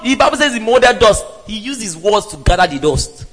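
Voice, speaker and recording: A man preaching a sermon in an emphatic way, with rhetorical questions and sudden loud exclamations. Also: high voice, very animated, a little fast. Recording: reverberant hall.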